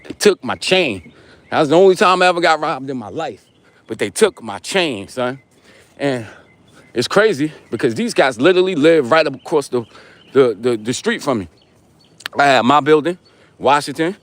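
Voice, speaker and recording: A man in his forties with a New York accent hosts a casual live stream, walking as he talks. He speaks in loose street slang and teases viewers about their comments. His voice sits at an ordinary pitch and sounds close and dry. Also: animated, normal speed, pauses often, fairly bright tone, no room sound. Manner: slangy, teasing, street talk while walking.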